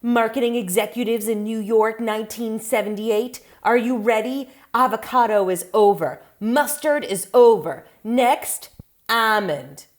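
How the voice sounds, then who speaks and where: A woman voicing a hyped-up male marketing executive from the late 1970s who pitches in a theatrical, announcing way. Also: unhurried, close to an everyday voice.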